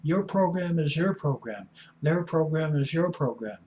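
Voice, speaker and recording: With an expressive, fairly high voice at a measured pace, a middle-aged man speaks as an addiction counselor. His recovery talk is blunt, folksy, and preachy, with sudden loud emphasis on certain words, over slight background noise.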